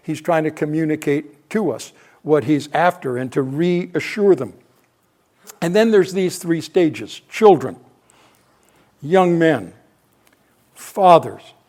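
A man's voice: fairly high pitch, expressive, slow, pauses often, a little mellow. An older man preaching on a Bible passage, thinking aloud and correcting himself as he goes. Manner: thinking aloud, frequent restarts and self-corrections. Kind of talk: expository Bible teaching.

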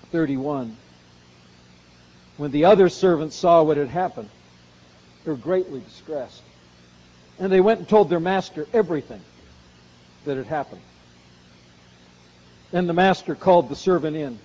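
A man preaching an expository sermon, his voice high and mellow. He speaks earnestly, pushing to loud emphasis and then dropping quiet. The sound is slightly dull. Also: measured pace, pauses often.

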